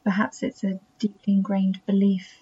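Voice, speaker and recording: A woman with a self-taught English accent that drifts toward American speaks in a mellow, husky voice. Her reflective podcast monologue stays soft and intimate, often dropping to a breathy near-whisper, and the recording sounds dull and muffled. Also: mid-range voice, little pitch movement, moderate pace. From England. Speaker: podcast host.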